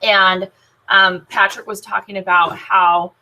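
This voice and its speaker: A woman's voice: medium pitch, little pitch movement, slow, pushed and bright, low-quality recording. A woman talking casually to her sales team, upbeat and chatty, with many filler ums and restarts. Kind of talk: casual team training talk.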